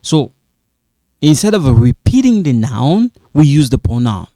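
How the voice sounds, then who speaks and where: A man teaching a grammar lesson, slow and repetitive, checking in often with "okay?". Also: on the high side, sing-song, warm tone, no room sound, clean studio sound. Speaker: French teacher.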